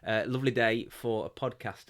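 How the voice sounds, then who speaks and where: A man hosting a podcast in a warm office, chatting casually in a rambling, jokey, self-deprecating way. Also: mid-range voice, steady tone, normal speed. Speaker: podcast host.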